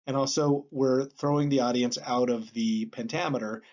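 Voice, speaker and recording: A man teaching a class in a plain, explanatory way, often pausing on um and uh. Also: mid-range voice, steady tone, darkish tone. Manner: plain explanatory, with frequent um and uh fillers. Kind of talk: classroom lecture. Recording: slightly dull lo-fi recording.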